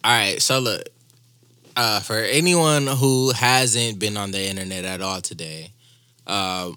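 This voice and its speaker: A man's voice: fairly low pitch, measured pace, bright, forceful tone, smooth, dry recording. A young man co-hosting a casual podcast, laying out the topic plainly with a teasing edge. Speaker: podcast co-host.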